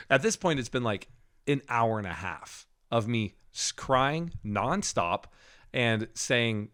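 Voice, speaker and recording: A man with a voice of middling pitch recounts a personal spiritual experience on a faith podcast. He tells it casually and animatedly, with frequent laughs and self-corrections. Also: normal speed. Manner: animated storytelling with laughs and restarts. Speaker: podcast co-host.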